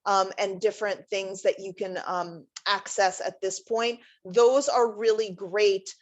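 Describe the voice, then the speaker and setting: A woman's voice: medium pitch, fairly even intonation, measured pace. A woman career center director giving a workshop presentation in a conversational, explanatory way, with frequent um fillers.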